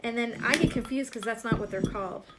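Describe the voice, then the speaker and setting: A woman's voice: a little high, quick pace, very noisy. A woman hosting a live stream as a psychic medium, chatting casually, laughing often and answering viewers by name.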